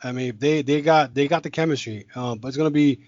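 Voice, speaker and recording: A man hosts a podcast in loose, casual chat, rambling and circling back on himself as he talks. His voice is mid-pitched. The sound is dull and lo-fi, with a dry, close mic. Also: fairly quick, a little mellow, dry recording. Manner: rambling, with many restarts and filler. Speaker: podcast host.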